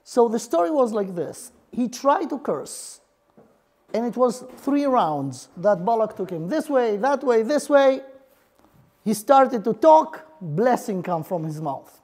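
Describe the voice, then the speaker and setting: Woman teaching Torah earnestly, high voice. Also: big pitch swings, slow, darkish tone. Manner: explains earnestly in broken English, mixing in Hebrew terms. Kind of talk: Torah lesson.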